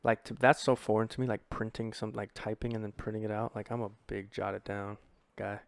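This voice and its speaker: Gravelly young man rambling casually. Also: lowish voice, little pitch movement, a little fast. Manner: rambling, profane, self-deprecating. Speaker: podcast host. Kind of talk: casual chat.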